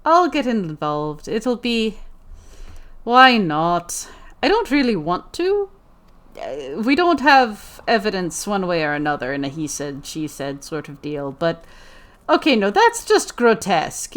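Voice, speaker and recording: A woman's voice: medium pitch, sing-song, measured pace. A woman doing let's play commentary in character, playful and theatrical, often repeating her own lines.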